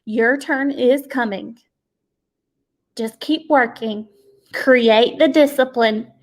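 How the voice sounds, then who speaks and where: With a slightly high voice and an unhurried pace, a woman who leads a sales team gives a preachy, emphatic pep talk. She speaks plainly and folksily to her audience and often breaks into laughter.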